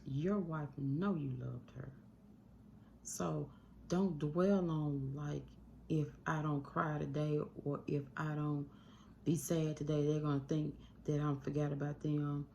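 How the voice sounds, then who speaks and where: A woman's voice: deep voice, level tone, unhurried, creaky, mellow, lo-fi sound, a little hiss or hum. A woman talking earnestly into her phone at home about coping with grief, rambling and shifting her pace often. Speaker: YouTube channel host. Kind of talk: emotional talk to camera about grief. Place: at home indoors. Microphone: phone mic.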